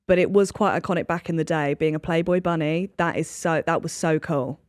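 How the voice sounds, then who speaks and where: A woman's voice: low-pitched, fairly quick, dry recording, clean studio sound. A young woman, hosting a podcast in a chatty, gossipy way and laughing often. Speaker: podcast host. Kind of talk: casual chat.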